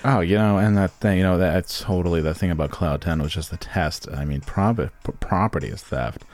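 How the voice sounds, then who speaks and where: A man's voice: deep voice, brisk, a little mellow. A man co-hosting a casual podcast, who tells joking, self-mocking stories. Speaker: podcast co-host.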